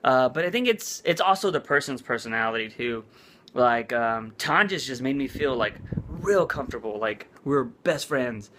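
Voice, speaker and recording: A man's voice: mid-range voice, lively intonation, normal speed, pushed and bright, a little hiss or hum. A man vlogging in a casual chat, rambling with lots of "like" and "uh". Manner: rambling, full of "like" and "uh".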